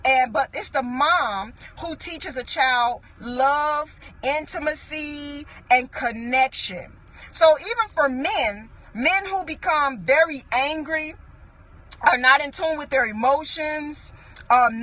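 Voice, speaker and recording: A high, bright woman's voice delivers a sermon. She speaks earnestly and conversationally, often restarting her phrases and breaking off into asides. She sounds middle-aged. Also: dry recording. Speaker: apostle preaching.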